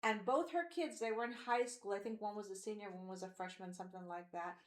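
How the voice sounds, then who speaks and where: A woman's voice: medium pitch, fast, roomy sound. A woman in her forties on a podcast, telling personal stories in a rambling way, with lots of fillers and quoted voices. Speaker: podcast co-host. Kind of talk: candid personal conversation.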